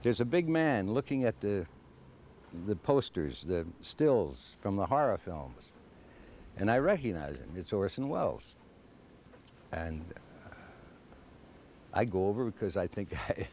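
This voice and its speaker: An older man, an actor, telling a rambling, halting, self-mocking anecdote. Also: lowish voice, very animated, mellow, slight background noise. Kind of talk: casual storytelling.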